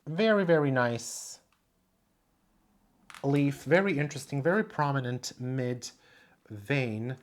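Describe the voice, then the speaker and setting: A plant vlogger talks casually at home, wandering from thought to thought while showing plants one by one. The voice sits at a middle pitch, neither high nor low. The tone stays chatty and unpolished. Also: lively intonation, takes it slowly, long pauses. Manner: chatty, meandering, thinking aloud. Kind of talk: casual show-and-tell vlog.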